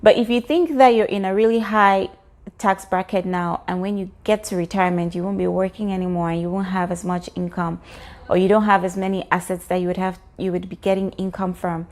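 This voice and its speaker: A woman talks to her viewers about personal finance, earnestly walking through each point. Her tone is encouraging and steady, with the odd "um", and her voice sits at a middle pitch. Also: a little fast. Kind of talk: explanatory talk to camera.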